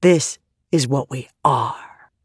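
A narrator voicing a menacing shadowy double of a woman, speaking in a low, coaxing tone. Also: slow, husky, dry recording, clean studio sound.

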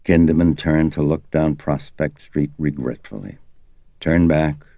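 A man reading an audiobook in measured, expressive scripted narration, close to the mic. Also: rumbling low, gravelly, dry recording, lo-fi sound.

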